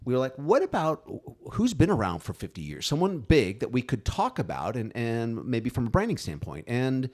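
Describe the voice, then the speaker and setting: A man's voice: medium pitch, wildly swooping pitch, normal speed, hardly any pauses, darkish tone. A man co-hosting a podcast in casual chat, rambling with many restarts. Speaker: podcast co-host; graphic designer.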